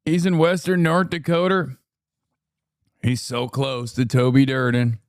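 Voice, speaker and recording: A man's voice: mid-range voice, flat delivery, a little slow, no echo, studio quality. A man from the United States hosting a livestream, giving casual, sarcastic commentary in an offhand way. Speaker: livestream host and political commentator.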